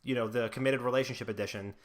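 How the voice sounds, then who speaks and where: A man's voice: mid-range voice, fairly even intonation, racing. A young man hosting a casual gaming podcast, rambling with lots of filler words and frequent laughter. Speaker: podcast host.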